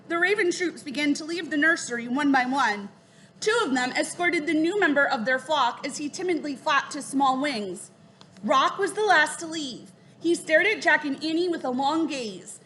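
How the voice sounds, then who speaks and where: A woman reading a children's story aloud in a clear, steady way, dropping her voice for the speech tags. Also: sits high, a little hiss or hum. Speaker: narrator.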